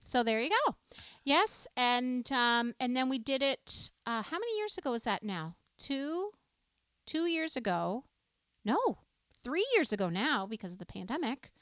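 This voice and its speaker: Bright, lively woman storyteller. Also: sits high, measured pace, dry recording, studio quality. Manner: enthusiastic, laughing storyteller. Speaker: livestream music show co-host. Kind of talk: casual chat with live viewers.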